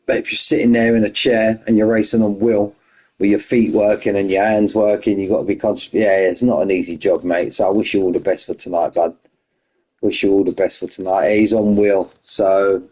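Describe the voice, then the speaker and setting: A man's voice: lowish voice, flat delivery, a little fast, warm tone, breathy edge. A man hosting an online racing league stream, chatting casually and greeting viewers one by one as mates. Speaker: race league host.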